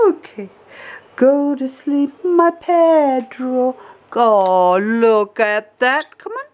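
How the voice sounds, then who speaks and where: A woman's voice: medium pitch, expressive, slow pace. A woman at home, talking baby talk to her pet bird in a cooing, sing-song, coaxing way. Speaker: pet owner.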